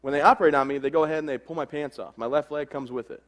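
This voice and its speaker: A man's voice: a little high, fairly even intonation, rapid-fire, a bit bright. A man in his thirties, an army veteran, telling his own story to an audience in a frank, plain way. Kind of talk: personal testimony talk.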